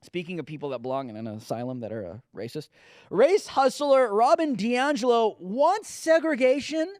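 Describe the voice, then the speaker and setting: A man's voice: high-pitched, sing-song, normal speed, darkish tone, no echo, studio quality. A man hosting a political commentary show, talking in a sarcastic, mocking way. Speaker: host.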